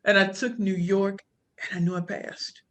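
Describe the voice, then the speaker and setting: Animated woman telling her story in slang. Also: medium pitch, normal speed. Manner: animated, slangy, quoting others in voices. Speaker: podcast guest, pitch coach and speaker. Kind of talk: casual storytelling interview.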